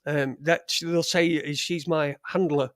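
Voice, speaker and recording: A man's voice: fairly high pitch, fairly even intonation, a little slow, a bit bright, clean tone, no room sound, clean studio sound. A middle-aged man with a Yorkshire accent, hosting a casual livestream with rambling, crude, joking chat. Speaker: livestream host. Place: home studio in front of a green screen.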